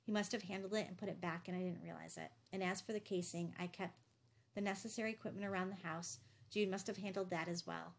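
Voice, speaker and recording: Brief: woman voicing tense middle-aged dad, low hushed delivery, gravelly edge. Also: fairly even intonation, fast. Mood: grim. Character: grim middle-aged father, tense and guarded.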